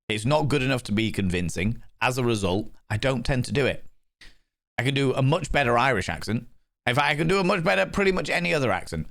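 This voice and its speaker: A man's voice: on the low side, fairly bright tone, no echo, clean studio sound. A young man chatting casually as a game streamer, rambling and playful and swearing freely. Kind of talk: casual livestream chat.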